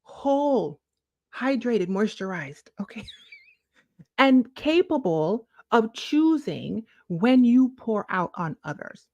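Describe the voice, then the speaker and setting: A woman's voice: on the high side, big pitch swings, slow pace, a little mellow, no room sound, muffled recording. Woman giving a pep talk to her viewers, preachy and affectionate, stretches words out, dry close mic. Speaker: lifestyle vlogger. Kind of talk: casual motivational chat to camera.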